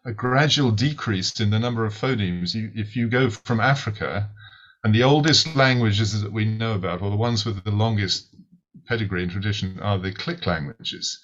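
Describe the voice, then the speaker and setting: A British man with a low voice talks a listener through his ideas like a patient lecturer, stopping often to ask "right?" and repeating words as he begins. The recording sounds muffled and lo-fi, with the top end dulled. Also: moderate pace, fairly bright tone. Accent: British English. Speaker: author and interpreter, podcast guest. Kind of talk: explanatory interview answer. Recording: muffled lo-fi audio.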